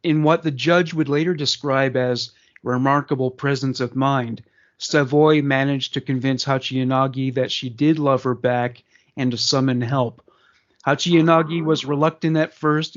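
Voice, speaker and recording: A man co-hosting a casual podcast, reading crime news aloud and breaking off for chatty asides full of fillers. His voice sits at a middle pitch, and the recording is slightly dull and lo-fi. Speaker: podcast co-host.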